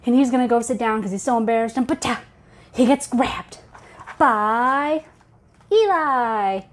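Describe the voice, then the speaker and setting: A woman's voice: a little high, a little slow. Woman, webcomic marketer; casual, playful comic read-aloud. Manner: chatty, playful retelling.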